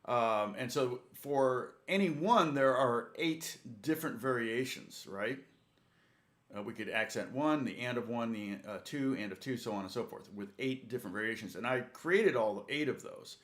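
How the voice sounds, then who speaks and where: A man's voice: medium pitch, normal speed, fairly bright tone. Chatty male guitar teacher, laughing. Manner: chatty, rambling, laughs often, talks to viewers by name. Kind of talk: live-streamed guitar lesson chat.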